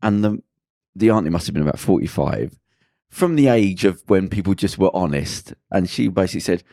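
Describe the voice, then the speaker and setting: A man co-hosting a podcast, telling a story in a lively way and acting out the people in it. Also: sits low, brisk, gravelly, dry recording, clean studio sound. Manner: lively, acts out the people in his stories. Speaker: podcast co-host. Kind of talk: casual storytelling anecdote.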